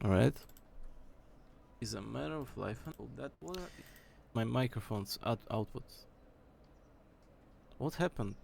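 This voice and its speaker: A man's voice: mid-range voice, a little slow, creaky, pauses often, a little mellow, slight background noise. A man streaming from home, thinking aloud as he checks how his microphone sounds at different distances. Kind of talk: casual mic-check rambling. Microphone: desk mic, moving nearer and farther.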